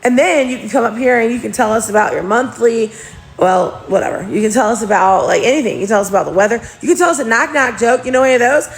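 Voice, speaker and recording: A woman's voice: on the high side, fast, vocal fry, slightly rough. A woman hosting a casual livestream, chatting and gossiping with viewers in a giggly, rambling way, talking into her phone. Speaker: livestream host.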